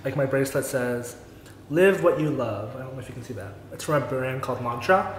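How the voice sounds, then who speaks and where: A chatty young man hosts a relaxed vlog, leaning on "like" and "you know" as he talks. His voice sits in a roomy space with a long reverb tail and a faint hiss of background noise. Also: mid-range voice, fast. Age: young adult. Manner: chatty, filler-heavy with lots of "like". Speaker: host, influencer. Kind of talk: casual chat, mukbang vlog.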